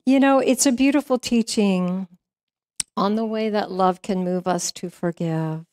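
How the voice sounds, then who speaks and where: A woman's voice: medium pitch, measured pace, darkish tone, dry recording, clean studio sound. A woman minister giving a sermon, telling a story in a conversational way with frequent fillers. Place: church sanctuary.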